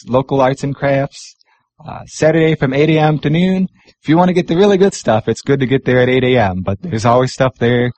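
A man hosting a community radio show in a studio, chatting casually and pausing often with fillers. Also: on the high side. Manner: relaxed, chatty, pauses with many fillers.

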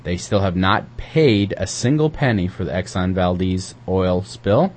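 A man's voice: low-pitched, a little slow, a little hiss or hum. A man co-hosting a community radio show, chatting casually and reading news, rambling with lots of hesitant fillers.

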